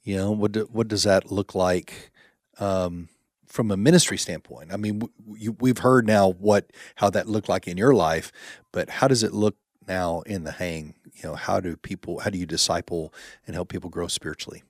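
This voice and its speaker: Soft-spoken male podcast host. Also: low-pitched, steady tone, moderate pace, no echo, clean studio sound. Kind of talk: casual podcast interview.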